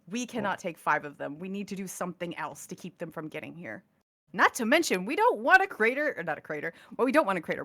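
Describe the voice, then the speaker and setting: A woman playing a tabletop game, thinking out loud and laughing easily. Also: medium pitch. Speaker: player. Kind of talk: casual chat at a tabletop game.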